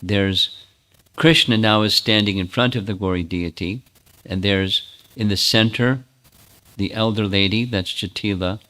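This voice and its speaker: A man, a spiritual teacher, retelling a sacred story in a sermon, animated with small restarts. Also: fairly low pitch, a little slow.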